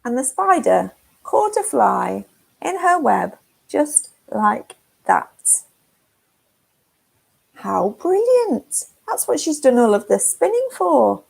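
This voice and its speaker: A woman leading a forest school session reads a picture book to toddlers at home in a gentle, sing-song way and asks the children questions. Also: high-pitched, creaky, poor audio.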